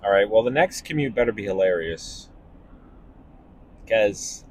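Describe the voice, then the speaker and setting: A young man, a stand-up comedian, talking casually and animatedly while driving, breaking into laughs and quick voices. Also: fairly low pitch, a little hiss or hum. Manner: animated, laughing, jumping into impressions. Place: car.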